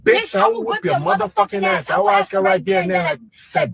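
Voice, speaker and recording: A man delivering a profane comedic rant in a brash, loud, mocking manner. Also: very high-pitched, very animated, fairly quick, vocal fry, hardly any pauses, dry recording, rough recording.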